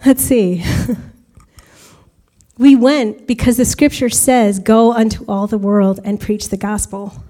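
A woman's voice: medium pitch, fairly even intonation, slow pace, dark tone. An American woman giving a chatty testimony to a church congregation about mission work, often laughing as she talks. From United States.

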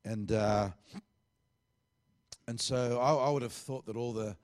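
A man's voice: medium pitch, fairly even intonation, a little slow, darkish tone. A middle-aged man, preaching a sermon as a pastor and telling a story with lots of quoted dialogue. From Australia.

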